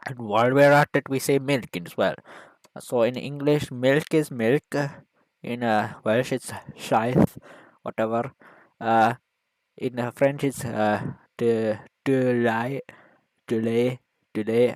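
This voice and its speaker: A man giving a mock lecture in a video, rambling and hesitant, full of fillers, deadpan, with broken grammar. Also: mid-range voice, no echo, rough recording. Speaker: video maker.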